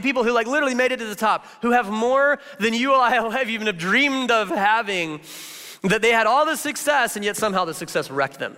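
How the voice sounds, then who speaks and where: Male pastor, high bright voice, chatty animated sermon delivery, roomy hall sound. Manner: animated, chatty, full of filler words. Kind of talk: casual conversational sermon.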